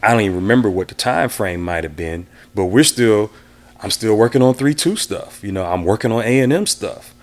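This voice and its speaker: A man from the Houston area with a very low voice sits for a casual interview. He reminisces in a relaxed, easygoing way and slips into quoting the people he talks about. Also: brisk. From Houston area, Texas. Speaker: interview guest, DJ and producer.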